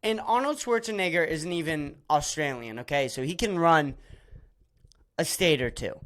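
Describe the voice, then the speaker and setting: A man's voice: fairly high pitch, expressive, normal speed, fairly bright tone. A man hosting a solo podcast, ranting in a profane, rambling, sarcastic way with many restarts. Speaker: podcast host.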